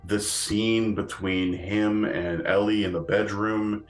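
A man's voice: on the low side, little pitch movement, slow pace, echoey room, faint music behind. A man co-hosting a podcast in casual chat. He rambles, with many fillers and restarts, and laughs often. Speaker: podcast co-host.

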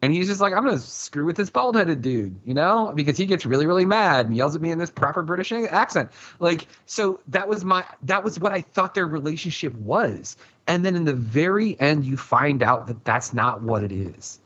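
A man talks casually on a podcast panel, and his voice is husky. The sound is a bit dull and lo-fi. He rambles with animation and plays out his own reactions as he goes. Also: on the high side, animated, normal speed, hardly any pauses, a bit bright.

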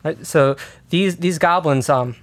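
A man serves as game master for a tabletop role-playing game, narrating and describing scenes in a measured way. His voice sits a little high.

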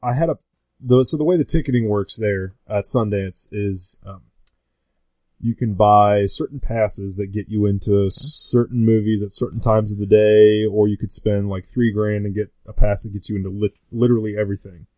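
Brief: man, low voice, podcast guest, rambling casual talk, dry close sound. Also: fairly even intonation, moderate pace, mellow, dry recording. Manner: rambling, full of fillers and restarts. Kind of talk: casual chat.

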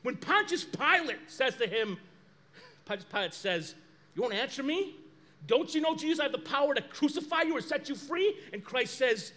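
A man preaching a sermon as pastor, lively and animated, acting out quoted dialogue. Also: very high voice, brisk.

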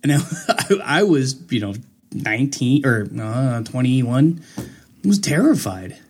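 Husky-voiced man, lively pitch, casual guest who laughs easily. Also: slow. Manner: laughs often, reacts with short replies. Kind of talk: casual chat.

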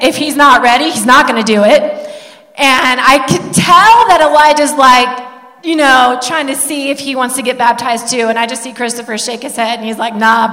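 A middle-aged woman sharing an emotional family testimony from the pulpit as part of a sermon, telling the story with feeling. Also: high-pitched. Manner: emotional storytelling, animated when quoting. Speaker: pastor's wife sharing a testimony. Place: church sanctuary. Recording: long hall reverb.

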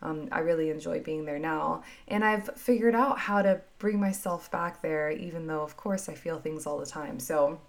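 A woman hosting a podcast, talking through her emotions in a soft, musing, reflective monologue full of casual fillers. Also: low-pitched, moderate pace, hardly any pauses. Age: adult mother. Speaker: podcast host.

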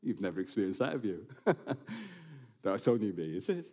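A man preaching a sermon to his congregation in a church building, animated and quick to slip in jokes and asides. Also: low voice. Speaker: pastor.

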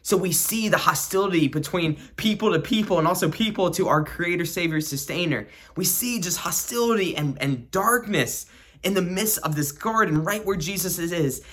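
A man hosts a devotional podcast, moving between prayer and scripture reading. His voice sits a little higher than usual for a man, and he speaks in a reflective, earnest way. He comes back to key phrases and repeats them. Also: lively intonation, normal speed, fairly bright tone, breathy edge. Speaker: podcast host.

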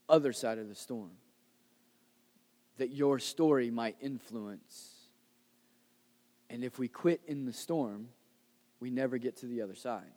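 A pastor preaching a sermon in a casual, conversational way, rising to loud emphasis and dropping to soft, hushed lines. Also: male voice, mid-range voice, big-room sound.

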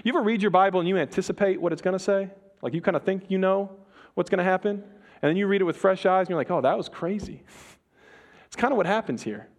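A man preaching a sermon, retelling a story with dramatic pauses and humor. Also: high-pitched.

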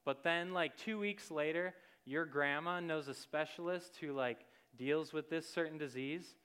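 Young man, casual sermon, chatty with lots of fillers, smooth voice pitched a bit high. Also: measured pace, fairly bright tone. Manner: conversational, many fillers and "like".

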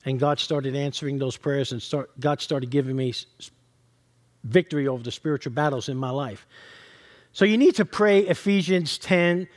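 A male pastor preaching a sermon, reading scripture and teaching in an earnest, direct way. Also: on the high side.

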